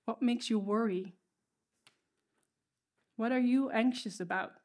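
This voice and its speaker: Woman preacher, non-native English, earnest and emotional, slightly high voice, halting restarts. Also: a little mellow. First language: not English. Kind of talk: sermon. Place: stage before an audience.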